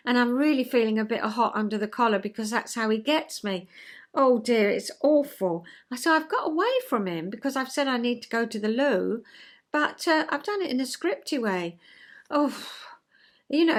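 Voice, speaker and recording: A woman, hosting a chatty vlog and explaining ideas in a gentle, conversational way, acting out little everyday scenes. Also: fairly high pitch. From England. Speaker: vlog host, retired counsellor.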